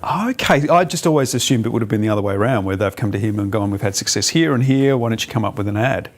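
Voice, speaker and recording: A man's voice: fairly low pitch, quick pace. Man giving brief, agreeing replies. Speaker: podcast co-host. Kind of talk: casual conversation.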